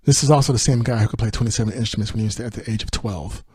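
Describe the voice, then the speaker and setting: A man hosting a music podcast, chatting casually through an album review, sometimes singing lines of the lyrics, laughing, and rushing through his asides. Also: fairly low pitch, darkish tone, slightly rough, no room sound, clean studio sound. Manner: sings lyric snippets, laughs often, speeds up on asides.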